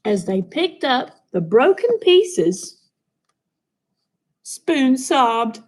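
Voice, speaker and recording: A woman reading a children's picture book aloud in an expressive, sing-song storytelling manner. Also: sits high, very slow, long pauses. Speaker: storybook reader.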